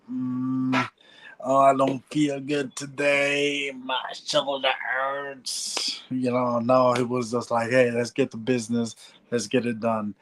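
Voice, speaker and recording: A Jamaican man in his forties speaks slowly, in an unhurried, level tone with little melodic movement. He stops and restarts a lot and fills his talk with "you know". His pitch sits in a middle register for a man. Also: slight background noise, rough recording. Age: 40s. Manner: halting, repeats "you know", restarts often. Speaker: guest, former heavyweight boxer. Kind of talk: casual interview talk.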